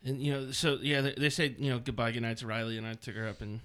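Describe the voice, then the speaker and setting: A man's voice: medium pitch, little pitch movement, fast talker, fairly bright tone, clean tone. A man and father of a toddler daughter, chatting casually and telling stories with many hesitations and fillers. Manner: hesitant, filler-heavy storyteller. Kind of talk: casual chat.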